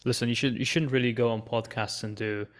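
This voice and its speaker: A man's voice: mid-range voice, fairly quick. Dry, teasing man co-hosting a podcast. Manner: dry, teasing deadpan humor. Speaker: podcast co-host. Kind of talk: casual chat.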